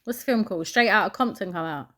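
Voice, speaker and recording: Woman co-host, mid-pitched, easygoing and chatty. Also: fast, a bit bright. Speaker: podcast co-host. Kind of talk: casual chat.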